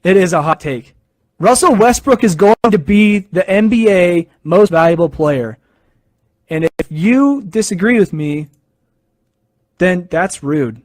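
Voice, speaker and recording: A man hosting a sports podcast, giving casual opinions in an excitable, animated storytelling manner. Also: high voice, slow, no room sound.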